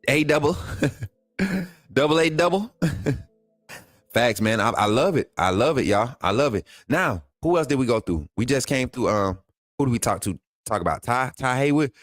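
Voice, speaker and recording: A man's voice: medium pitch, dry recording. Hyped up guy doing a sports livestream, talks right to the chat, says stuff over and over, dry close mic w faint music under it. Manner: excitable, hypes players, talks straight to viewers; repeats phrases, casual colloquial speech. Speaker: sports channel host. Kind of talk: casual livestream commentary reading chat.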